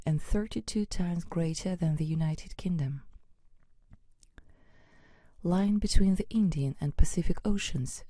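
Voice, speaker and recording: Woman narrator for a school lesson: steady, explanatory read, lowish voice, dry booth sound. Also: dry recording. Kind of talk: scripted educational narration.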